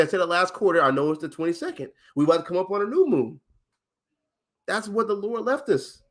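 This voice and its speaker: On a casual livestream, a man with a somewhat high voice teaches emphatically. He pauses to ask his listener questions and counts days aloud on his fingers.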